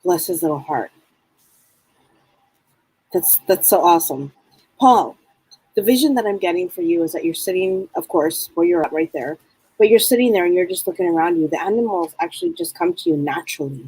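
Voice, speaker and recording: A woman co-hosting a live psychic show, with a smoky voice hoarse from a cold, playful and chatty. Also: lowish voice, lively intonation, a little fast, a little mellow, no room sound, poor audio. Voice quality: smoky, husky. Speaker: psychic reader, co-host. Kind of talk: live psychic reading chat.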